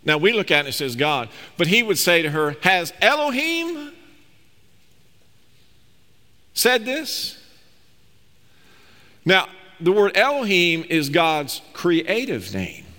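Forceful preaching man in a reverberant hall. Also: on the high side, sing-song, moderate pace. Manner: emphatic preaching, reads scripture aloud and explains it. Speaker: pastor. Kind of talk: sermon. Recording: long reverb of a large hall.

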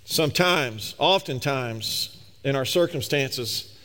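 A man's voice: mid-range voice, expressive, slow pace, bright, forceful tone, long reverb tail. A man preaching a sermon, emphatic and speaking straight to his listeners. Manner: emphatic, addresses the congregation directly.

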